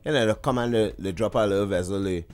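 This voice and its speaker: A man's voice: lowish voice, fast, faint music behind. A man hosting morning radio, playful and teasing. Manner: playful, teasing, breaks into laughs. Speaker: radio host.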